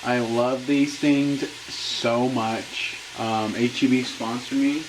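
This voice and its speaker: A man's voice: mid-range voice, steady tone, slow. A young man chatting casually through a cooking vlog, jokey and rambling, recorded on a camera mic in his home kitchen. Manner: jokey, rambling, self-amused. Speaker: cooking vlogger. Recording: echoey kitchen with cooking noise. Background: frying and sizzling.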